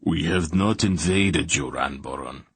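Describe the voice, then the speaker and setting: A man's voice: very deep voice, a little slow, gravelly, fairly bright tone, husky, full character voice. Man reading a blunt warrior king.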